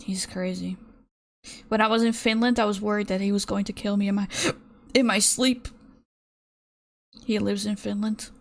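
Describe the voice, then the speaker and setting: A woman's voice: mid-range voice, fairly even intonation, normal speed, pauses often. A young woman chatting casually with her stream viewers while she paints, ranting in an exasperated way and reading out chat messages.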